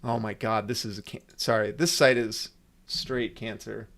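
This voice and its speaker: A man's voice: on the low side, fairly even intonation, normal speed, fairly bright tone. A man hosting a casual livestream, ranting with sarcasm and frequent swearing. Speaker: livestream host.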